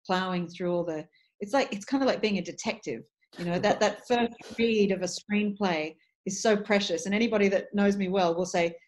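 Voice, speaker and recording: An articulate middle-aged Australian woman chatting about her craft as a dialect coach. She speaks at an everyday pitch, animated and thoughtful, often circling back and restarting phrases as she works out her point. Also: brisk, a little hiss or hum. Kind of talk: casual interview chat.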